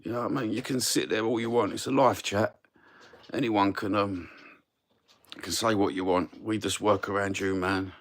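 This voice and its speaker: A man's voice: fairly low pitch, fairly even intonation, moderate pace. An older man with a Cockney London accent hosts a casual live chat and answers viewers in a rambling, friendly way, often saying "mate" and "brother". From England. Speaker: live stream host.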